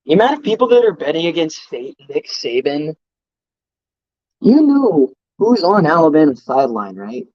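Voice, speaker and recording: This live streamer's voice sits on the high side and is very animated, moving at a moderate pace. He swears heatedly while ranting about college football and greets people in chat, all on a dry, slightly dull-sounding recording.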